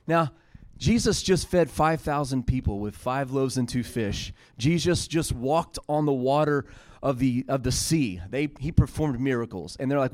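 A man's voice: mid-range voice, expressive, moderate pace, darkish tone, no echo. Preacher man, casual and emphatic. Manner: retells scripture in casual paraphrase, rising to emphatic peaks. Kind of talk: sermon.

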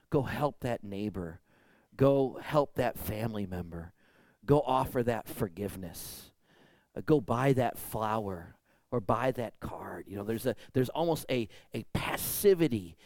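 A man's voice: mid-range voice, darkish tone, no room sound. A man preaching a sermon in a conversational way, acting out voices when he tells a story. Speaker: pastor.

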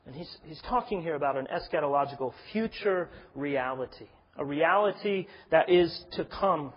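A man delivers an expository sermon in an earnest voice that swells into emphatic stress. His voice sits a bit high and sounds husky. The recording is dull and lo-fi. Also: animated, moderate pace. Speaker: pastor.

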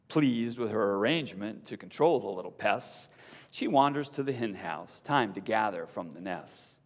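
A man preaching a sermon, reading a rhyming story in a measured tone before talking casually to the congregation. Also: lowish voice, animated. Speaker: pastor. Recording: long hall reverb.

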